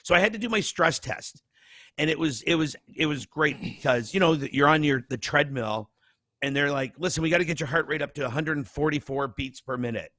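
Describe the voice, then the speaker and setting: A man's voice: fairly high pitch, fairly quick, no room sound. A man co-hosting a casual podcast, telling self-mocking stories with lots of restarts. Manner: animated, self-mocking storyteller with many restarts. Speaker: podcast co-host. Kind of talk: casual chat.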